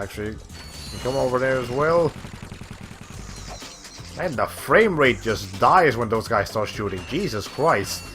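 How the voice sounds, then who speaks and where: A man streaming a video game in a medium-pitched voice that is going hoarse as he loses it. He rambles and thinks aloud between moves and swears casually. Game music plays faintly behind him. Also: a bit bright. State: losing his voice. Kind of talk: casual let's-play commentary.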